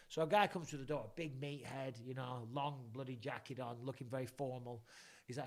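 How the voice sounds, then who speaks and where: A man's voice: mid-range voice, steady tone, a little fast. A middle-aged English man hosting a casual live chat, rambling through stories and swearing freely. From England. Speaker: podcast host.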